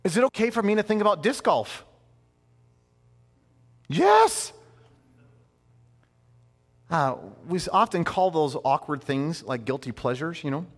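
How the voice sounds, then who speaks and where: A man in his thirties preaching a sermon in a conversational, animated way, with playful asides. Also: on the high side, fairly quick, hardly any pauses, in a large hall. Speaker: pastor.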